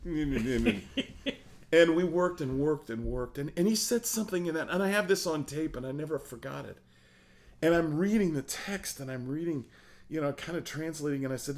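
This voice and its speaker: A middle-aged man, an opera singer, telling stories in a casual interview, animated and laughing often. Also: a little high, moderate pace.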